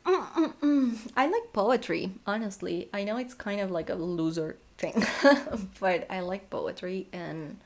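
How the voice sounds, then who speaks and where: A young woman answering fan questions in a casual vlog, sleepy and yawning, slipping into soft whispers and laughing often. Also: medium pitch.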